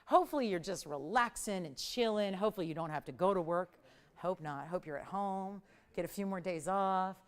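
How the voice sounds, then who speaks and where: A middle-aged woman hosting a live jewelry shopping show, hoarse from a strained voice, chatty and fast-talking with joking asides. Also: lowish voice. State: hoarse, losing her voice. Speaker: shopping channel host. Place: TV studio.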